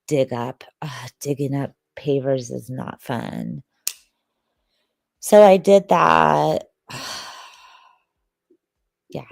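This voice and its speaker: A woman's voice: low voice, creaky, no echo. A sleepy woman, hosting a livestream and chatting casually with viewers, rambling and joking. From Detroit, Michigan, USA. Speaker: livestream host.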